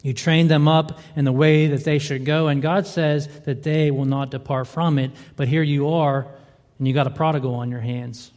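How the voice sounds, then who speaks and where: A man's voice: a little high, steady tone, normal speed, a little mellow. A male pastor delivering a sermon, building emphasis with repeated rhetorical questions. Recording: reverberant hall.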